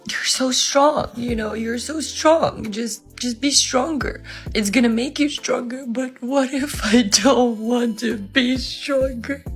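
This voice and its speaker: Tired tearful woman venting slowly, music under it. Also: a little high. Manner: slow, weary, tearful. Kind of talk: emotional vlog rant. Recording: clear music behind.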